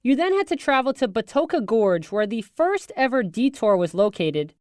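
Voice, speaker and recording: A man hosting a radio talk show, asking prepared interview questions in an even way. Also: very high-pitched, normal speed, slight background noise.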